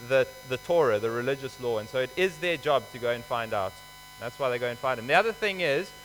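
A man's voice: on the high side, a bit bright. A man preaching a sermon, explaining scripture in a conversational, emphatic way. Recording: hall reverb with faint mains hum.

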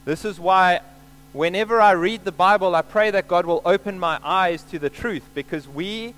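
A man's voice: high-pitched, moderate pace, fairly bright tone, rough recording. A man preaching a sermon, explaining scripture earnestly and repeating key points for emphasis.

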